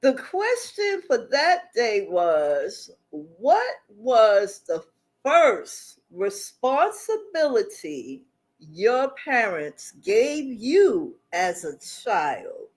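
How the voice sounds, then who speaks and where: A woman's voice: a little high, very animated, very slow. A woman hosting a casual livestream who talks to her chat, reads the comments aloud and laughs often. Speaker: livestream host.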